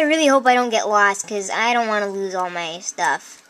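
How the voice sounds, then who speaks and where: A woman commenting on her own video game play, chatty and easily excited, often breaking into exclamations and talking straight to her viewers. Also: medium pitch, moderate pace. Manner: chatty, addresses viewers directly. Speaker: let's play host. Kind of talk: gameplay commentary.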